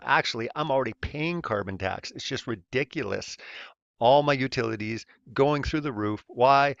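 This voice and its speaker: A man's voice: mid-range voice, normal speed, vocal fry, a bit bright, no echo. Sarcastic man hosting a video. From Canada. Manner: sarcastic, mocking. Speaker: host. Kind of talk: casual commentary video. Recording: dull lo-fi recording.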